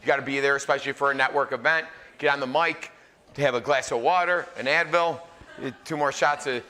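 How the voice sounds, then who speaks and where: A man in his forties, a chef, telling funny stories live to a crowd in a casual, animated way. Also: medium pitch, brisk. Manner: animated, joking, filler-heavy. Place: live event venue.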